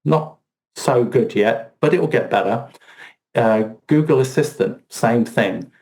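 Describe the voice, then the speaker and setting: A man's voice: medium pitch, lively intonation, unhurried, a little mellow, rough recording. A man co-hosting a podcast in casual chat, rambling and full of "you know" fillers. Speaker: podcast co-host.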